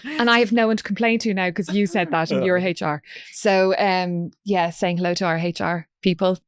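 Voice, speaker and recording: A woman's voice: on the low side, steady tone, normal speed, clear, resonant tone, no room sound, studio quality. An Irish woman guest on a podcast, telling stories in a chatty way and laughing often. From Ireland. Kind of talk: casual chat.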